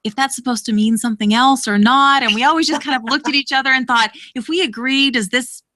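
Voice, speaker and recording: A woman author, a guest on a podcast, telling frank, lively stories in casual chat. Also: sits high, fast, dry recording. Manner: frank, animated storyteller.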